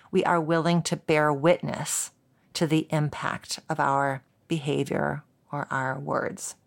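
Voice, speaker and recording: A woman, a couples therapist hosting a podcast, teaching in a reflective way with soft laughs and spoken examples. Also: low voice, creaky.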